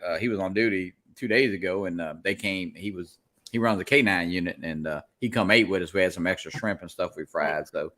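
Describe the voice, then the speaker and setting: Louisiana guy rambling in a casual chat, bright voice, keeps restarting. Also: sits low. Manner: rambling, halting with many restarts. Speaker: host.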